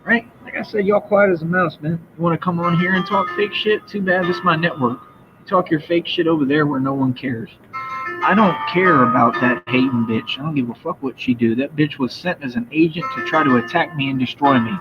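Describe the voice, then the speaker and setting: Combative man ranting over loud music. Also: on the high side, brisk. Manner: profane, combative, boastful. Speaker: livestreamer. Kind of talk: ranting livestream monologue. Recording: dull lo-fi sound with loud music behind.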